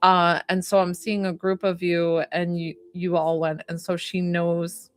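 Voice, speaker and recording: Chatty low-voiced woman giving a reading. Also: level tone, unhurried, smooth. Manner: chatty, filler-heavy, emotional. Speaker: psychic medium on a livestream. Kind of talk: casual livestream reading.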